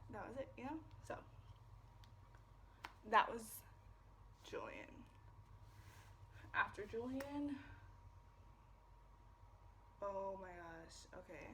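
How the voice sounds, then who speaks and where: A woman's voice: mid-range voice, sharp tone, slight background noise. A young woman telling a personal story to camera in a rambling, casual way, swearing often and filling with "like". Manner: rambling, profane, lots of fillers. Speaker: vlogger. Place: away from home.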